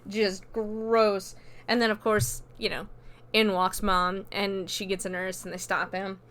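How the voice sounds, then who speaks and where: A woman's voice: mid-range voice, little pitch movement, normal speed, a bit bright. A woman hosting a podcast, casually recapping a horror movie scene by scene in a chatty manner. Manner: chatty, loose with fillers and quoted dialogue. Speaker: podcast host.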